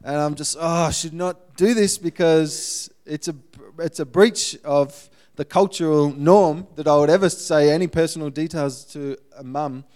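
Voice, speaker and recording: A man giving a guest sermon, telling a missionary story in a lively way and acting out the people in it. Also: on the high side, moderate pace, hardly any pauses.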